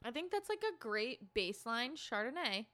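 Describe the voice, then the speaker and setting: A woman's voice: on the high side, sing-song, normal speed, bright, forceful tone. Giggly woman co-hosting a podcast. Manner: giggly, rambling, breaks into silly voices. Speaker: podcast co-host. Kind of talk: casual chat. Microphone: studio microphone close up.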